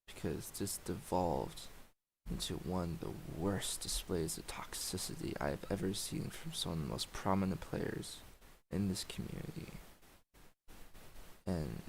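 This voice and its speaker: A man with a low, gravelly voice rants on a livestream, heated and profane. He sighs between thoughts and swears often. A faint hiss sits under the recording. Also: rough recording. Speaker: streamer. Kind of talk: emotional livestream rant.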